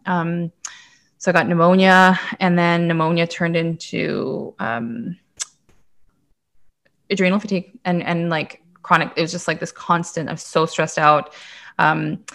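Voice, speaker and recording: A woman's voice: fairly low pitch, a bit bright. A woman in her thirties from Canada, a podcast guest and intuitive coach telling her own story in a chatty, casual way, swearing freely and saying "like" often.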